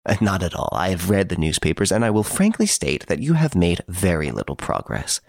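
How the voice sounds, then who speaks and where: This is a suave gentleman thief, relaxed in his cell and amused by everyone around him, as a man puts him on. He teases and brags in a voice that leaps up and down, with some gravel under it. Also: deep voice, brisk, no room sound, studio quality, heavily acted. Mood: mocking, playful. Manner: playful, teasing, boastful. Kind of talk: audiobook character reading.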